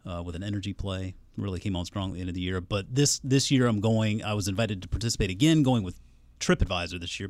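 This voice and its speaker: Male analyst guest, low voice, dry sound, thoughtful and hedging. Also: no echo. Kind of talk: casual chat.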